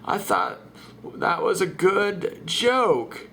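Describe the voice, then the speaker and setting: A man voicing a rambling, excited middle-aged radio caller who talks slowly and halting, repeating himself in a comic voice-over dub. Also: high voice, a little hiss or hum, voice pushed up, full character voice. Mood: insistent.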